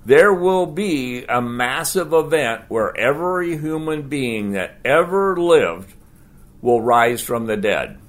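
A man preaching a sermon as pastor, conversational and animated, asking the congregation rhetorical questions. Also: medium pitch, slow.

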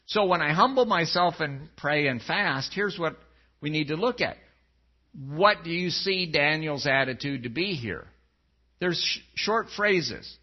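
Animated man preaching a sermon. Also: a little slow. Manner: animated, swings between loud pleading and low quiet tones. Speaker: pastor. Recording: dull lo-fi sound.

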